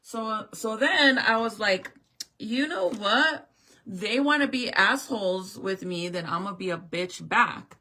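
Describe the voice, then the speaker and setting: A woman's voice: mid-range voice, animated, takes it slowly, sharp tone. A woman telling a storytime in a casual vlog rant, swearing and acting out both sides of the talk. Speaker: vlogger.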